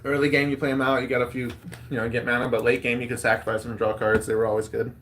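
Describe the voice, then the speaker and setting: A man's voice: mid-range voice, little pitch movement, rapid-fire, fairly bright tone, slight background noise. A man hosting a casual chat while opening card packs, rambling and reading card text aloud.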